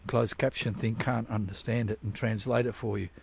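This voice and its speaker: A man with a gravelly, husky voice talks outdoors at a dig site in light rain. He rambles in loose, profane asides, breaking off and restarting his sentences as he goes. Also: on the low side, fairly even intonation, moderate pace. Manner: rambling, profane, self-interrupting. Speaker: vlogger prospecting for gold. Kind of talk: casual rambling vlog.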